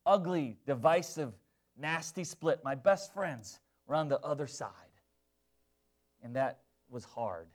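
A young adult man preaching a sermon, emphatic, often checking in with the congregation. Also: mid-range voice. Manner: emphatic, call-and-response asides to the congregation. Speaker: pastor.

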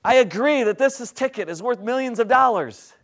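A man's voice: very high-pitched, expressive, brisk, voice pushed up. A man voicing a stubborn woman who won the lottery but refuses to cash her ticket, in an insistent, self-assured way.

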